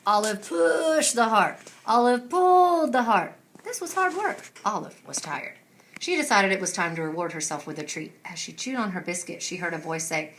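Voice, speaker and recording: A woman reading a children's picture book aloud with expressive narration. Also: medium pitch, fairly quick. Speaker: storyteller. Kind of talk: storybook read-aloud.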